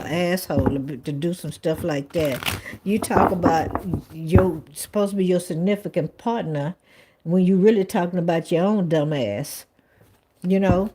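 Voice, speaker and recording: A woman's voice: fairly low pitch, very noisy. Blunt, casual woman reading tarot. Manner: casual, blunt, swears freely; repeats "all right" and "okay" often. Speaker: tarot reader. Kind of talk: live-stream tarot reading.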